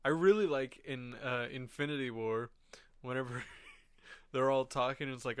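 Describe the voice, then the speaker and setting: Man, casual podcast banter, retells movie scenes with laughs, mid pitch. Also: fairly even intonation, fairly quick, fairly bright tone, smooth, no echo. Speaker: podcast co-host. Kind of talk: casual chat.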